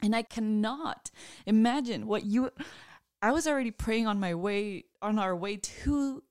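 Soft-spoken woman, dry close sound. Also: mid-range voice, a little slow, smooth, no echo. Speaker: podcast co-host. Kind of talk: casual chat on a couple's podcast.

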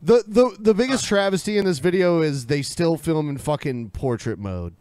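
A man's voice: a little high, lively intonation, moderate pace, a little mellow, clear, resonant tone. A man co-hosting a podcast, joking in sarcastic, mocking banter. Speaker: podcast co-host. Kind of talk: casual crude banter.

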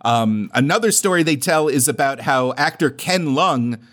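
A man co-hosting a podcast in casual chat, animated, often laughing and acting out quotes. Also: on the high side, normal speed. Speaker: podcast co-host.

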